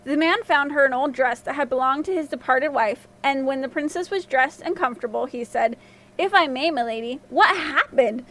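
A woman narrating a fairy tale as storyteller of a podcast, reading in an expressive way. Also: high voice, fairly quick, hardly any pauses.

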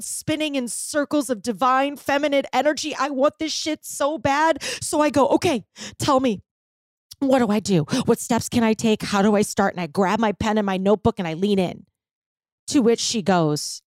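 A woman's voice: a little high, no echo, clean studio sound. A middle-aged woman telling a personal story in a candid, emotional way, swearing often. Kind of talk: personal story told to listeners.

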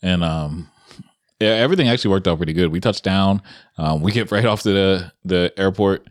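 A man's voice: low voice, fairly quick, no echo, studio quality. A man chatting casually, telling a travel story in an easygoing way. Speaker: podcast co-host. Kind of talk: casual chat.

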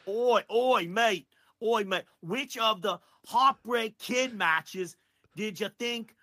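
A man putting on an exaggerated, brash Australian bloke who keeps shouting "oi" and "mate". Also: high voice, no room sound, studio quality, voice pushed up, heavily acted. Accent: mock Australian. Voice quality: bellowing, drawn-out "oi"s.

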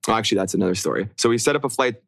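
A man's voice: on the low side, very fast, creaky, no echo, studio quality. A young man co-hosting a podcast, chatting casually and rambling with lots of fillers. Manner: laid-back, rambling with many fillers. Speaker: podcast co-host. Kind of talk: casual chat.

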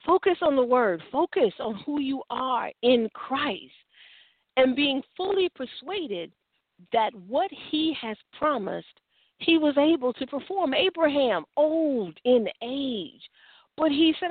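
A woman's voice: high-pitched, very animated, slow, no echo. A woman preaching a fervent sermon who acts out the prayers of believers. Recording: tinny phone-like sound, dry.

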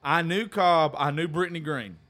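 A man's voice: a little high, normal speed, a bit bright. A man telling a story in casual chat, cursing often and laughing as he talks. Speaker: podcast host.

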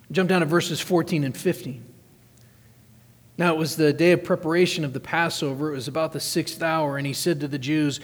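A man's voice: on the high side, steady tone, normal speed. Emphatic male preacher in a reverberant hall. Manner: reads scripture aloud, then explains it with emphatic repetition. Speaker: pastor. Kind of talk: sermon.

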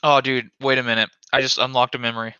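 A young man co-hosting a casual podcast, telling crude, excitable stories and laughing often. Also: mid-range voice, fast, smooth, dry recording, muffled recording. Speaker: podcast co-host. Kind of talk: casual chat.

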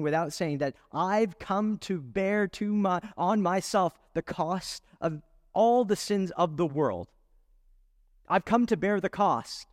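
A man's voice: high-pitched, clean studio sound. A man preaching a sermon as pastor, earnest and full of rhetorical questions, leaning into key words. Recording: long reverb in a large hall.

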